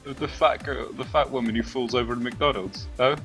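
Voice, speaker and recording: A man's voice: mid-range voice, fairly even intonation, a little fast, over music. A young man bantering on a game stream, teasing his friend and laughing often. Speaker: co-host. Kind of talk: casual gaming stream banter.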